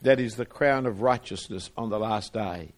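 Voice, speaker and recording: A man's voice: fairly low pitch, normal speed. A man preaching a sermon, reading scripture aloud and explaining it earnestly, often repeating words as he restarts phrases.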